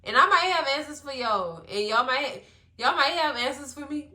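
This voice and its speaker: A woman chatting casually to her viewers as she recaps a TV episode, expressive and talkative. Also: high-pitched, normal speed, echoey room. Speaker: TV recap vlogger.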